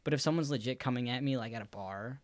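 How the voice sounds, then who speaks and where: A man's voice: mid-range voice, fast talker, no room sound. A young man in casual podcast conversation, talking in a loose, rambling way full of fillers. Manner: relaxed, rambling, heavy on filler words.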